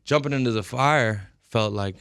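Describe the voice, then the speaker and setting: A man's voice: medium pitch, normal speed, vocal fry, a bit bright, clear, resonant tone, no room sound, studio quality. A young man in his twenties answering interview questions thoughtfully and earnestly, with many fillers. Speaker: rapper, interview guest. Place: radio studio.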